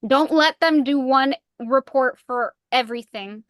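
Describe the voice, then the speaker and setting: A woman's voice: high-pitched, measured pace, fairly bright tone, smooth, no room sound, studio quality. A woman guest on a podcast, giving earnest advice in casual interview talk, with fillers.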